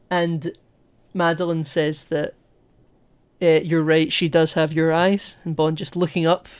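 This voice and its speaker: A man co-hosting a podcast, talking casually and with opinions about a film, retelling scenes in an animated way and swearing now and then. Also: fairly high pitch, a little slow, smooth. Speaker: podcast co-host.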